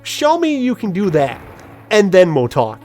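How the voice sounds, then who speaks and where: A woman's voice: mid-range voice, huge pitch swings, unhurried, dark tone, faint music behind. A woman voicing a male coworker who acts like a swaggering big-shot businessman, retold in a gaming video.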